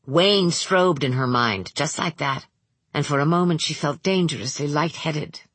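Low, husky woman narrating an audiobook. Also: no echo. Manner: measured, steady. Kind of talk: scripted narration.

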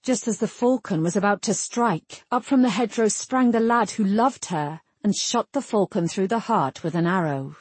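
A woman narrates a fantasy audiobook in a steady, measured way. Her voice is mid-pitched and a little husky, recorded dry and close. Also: no room sound.

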